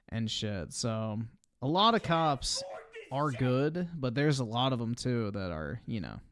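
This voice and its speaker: A man's voice: mid-range voice, clear, resonant tone, no echo, clean studio sound. A man giving casual live-stream commentary as he reacts to videos, with blunt, profane, offhand opinions.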